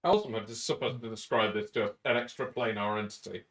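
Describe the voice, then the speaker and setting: A man's voice: on the low side, fast talker, a bit bright. A man playing in a tabletop game, joking and bantering casually with the others. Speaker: player.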